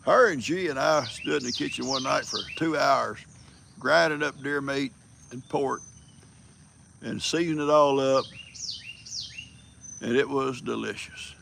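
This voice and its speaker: A man's voice: mid-range voice, a little slow, pauses often, noisy background. An older man, chatting casually on a livestream, a folksy storyteller who rambles and chuckles. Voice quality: gravelly. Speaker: livestream host.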